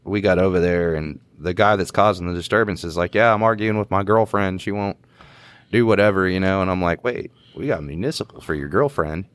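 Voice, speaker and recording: Male podcast cohost, very low voice, dry close mic, relaxed storyteller. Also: a little fast, clean tone, no echo. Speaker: podcast co-host, police officer. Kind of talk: casual storytelling.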